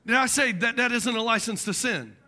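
Man, pastor, middle-aged, very high voice, sermon, animated, jokey, acts out voices. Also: fairly quick.

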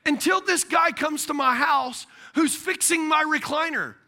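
A man preaching a sermon as a pastor, telling stories in an animated way. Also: very high voice, measured pace.

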